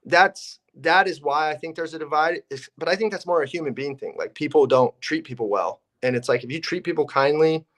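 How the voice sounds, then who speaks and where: A man's voice: on the high side, a little fast, few pauses, a bit bright. A young man, a real estate investor and agent, telling stories casually and acting out his phone calls with realtors. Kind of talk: casual podcast storytelling.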